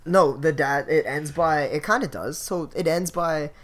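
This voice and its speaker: A man's voice: on the high side, normal speed, fairly bright tone. A young man hosting a podcast, telling a story in a loose, profane way and leaning hard on filler words. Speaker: podcast host. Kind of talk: casual chat.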